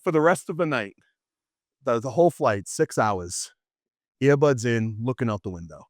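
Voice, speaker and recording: Man, teacher, lively classroom talk, storytelling, quick restarts, dry sound. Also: mid-range voice, no echo. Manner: animated, storytelling, frequent restarts and laughs. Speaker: apologetics teacher. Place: classroom with students.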